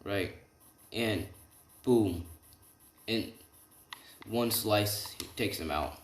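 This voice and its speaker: A man with a fairly low voice rambles through an improvised fan story, keeping it slangy and casual. He corrects himself as he goes and tags nearly every line with a quick "right?". A faint hiss sits under the recording. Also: reverberant.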